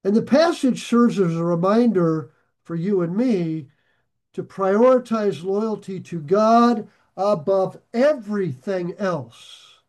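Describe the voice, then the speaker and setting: A man preaching a sermon, talking to his listeners in an easy, conversational way and slowing down to press home key phrases. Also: sits high, a little mellow. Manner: emphatic, slows and rises to stress key phrases. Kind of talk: sermon on scripture.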